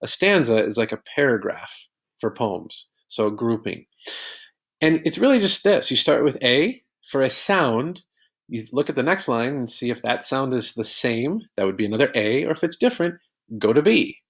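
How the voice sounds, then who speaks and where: Male teacher, gravelly mid-pitched voice, patient step-by-step explainer for a recorded lesson. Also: sing-song, normal speed.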